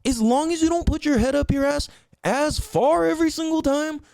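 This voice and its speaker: A young adult man hosting a podcast, talking in a casual, profane, preachy monologue that swings from loud highs to low drawn-out words. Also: creaky, no echo, studio quality. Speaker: podcast host.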